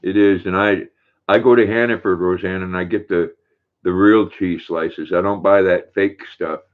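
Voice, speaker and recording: A man's voice: sits low, fairly even intonation, moderate pace. Older man on a tinny phone-like line. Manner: chatty, reads viewer comments aloud, coos to his dog. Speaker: livestream host. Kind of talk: casual livestream chat.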